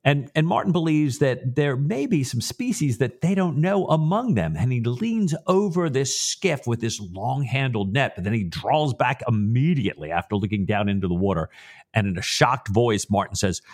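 A man on a book podcast, retelling a chapter in a relaxed, chatty way with light humor. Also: medium pitch, normal speed. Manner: relaxed and chatty, with "you know" fillers and light laughs. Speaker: podcast co-host.

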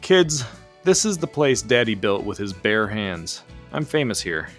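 A man voicing a brash, boisterous middle-aged dad who jokes loudly and shows off. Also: fairly low pitch, sing-song, measured pace, faint music behind. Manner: loud, showy exclamations.

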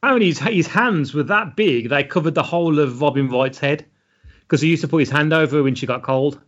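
A man's voice: fairly high pitch, a little fast, a bit bright. Dry-toned man, podcast co-host. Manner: reads out film facts, dry and matter-of-fact. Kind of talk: casual film podcast chat. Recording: dull lo-fi sound.

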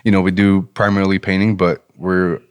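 A lower-pitched man speaks in a casual interview, telling his story with growing enthusiasm. He sounds relaxed and heartfelt, rising in pitch as he gets excited. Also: fairly quick, clean tone. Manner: animated, enthusiastic storyteller, relaxed and faith-centered. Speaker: business owner and guest.

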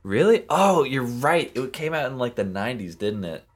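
A man's voice: medium pitch, big pitch swings, moderate pace. A young man co-hosting a podcast in laid-back casual chat, often agreeing briefly. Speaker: podcast co-host.

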